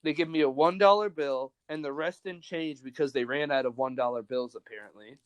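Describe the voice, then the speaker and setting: A man's voice: mid-range voice, fairly quick, clean tone, no echo. A young man hosting a podcast, telling stories in a rambling, profane, casual way. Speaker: podcast host. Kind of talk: casual chat.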